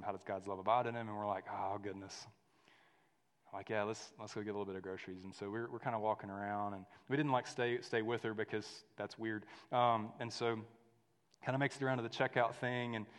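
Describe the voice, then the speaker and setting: A man in his thirties preaching a sermon, telling a story in a lively way that drops to a hush and rises to loud. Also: medium pitch. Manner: storytelling, animated swings from hushed to loud. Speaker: pastor. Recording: long hall reverb.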